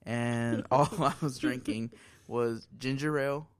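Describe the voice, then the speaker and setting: A man co-hosting a podcast, telling a story in casual chat, animated and swearing often, with a laugh never far away. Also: mid-range voice, measured pace, clean tone, dry recording, studio quality. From United States. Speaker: podcast co-host.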